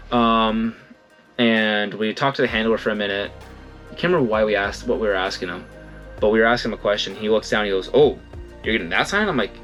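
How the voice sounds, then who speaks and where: A young man in casual storytelling, rambling and correcting himself, acting out what others said. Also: on the low side. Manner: rambling, self-correcting, animated quoting. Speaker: vlogger.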